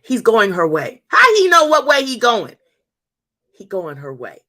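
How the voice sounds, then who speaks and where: Fifties lady hosting a faith chat, voice swoops all over, pretty high, keeps repeating herself for emphasis. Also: a little slow. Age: 50s. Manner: animated, emphatic repetition, addresses listeners as y'all. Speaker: host. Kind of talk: faith talk, storytelling to an audience.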